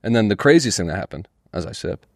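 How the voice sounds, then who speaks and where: A man's voice: fairly low pitch, fast, vocal fry, no room sound, studio quality. A young man co-hosting a podcast, telling a story in casual chat, swearing and acting out the people he quotes. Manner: animated, swears a lot, acts out quotes. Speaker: comedian podcast co-host.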